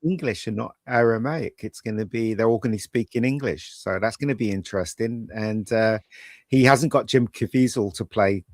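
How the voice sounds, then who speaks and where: A man co-hosting a casual pub chat, rambling through animated opinions. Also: fairly low pitch, moderate pace, no echo, clean studio sound. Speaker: co-host.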